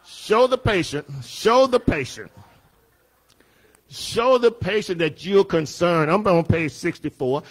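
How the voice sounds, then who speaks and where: A pastor leads a Bible study in a high, light voice. He talks slowly and emphatically, circling back to repeat his lines. Now and then he builds up to a shout. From Southern United States. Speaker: pastor teaching a Bible class. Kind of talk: preaching Bible study lesson.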